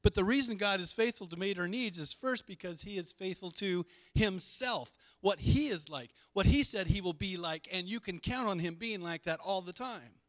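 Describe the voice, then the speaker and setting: Male pastor, middle-aged, emphatic sermon delivery, slightly high voice, dry sound. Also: normal speed, few pauses, fairly bright tone, dry recording. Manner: emphatic, call-and-response with congregation.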